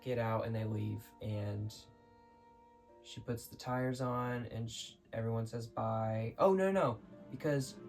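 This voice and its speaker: A man's voice: mid-range voice, takes it slowly, darkish tone. Rambling man over faint background music. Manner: rambling, restarts often, scattered. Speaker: vlogger explaining a film. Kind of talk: casual unscripted commentary.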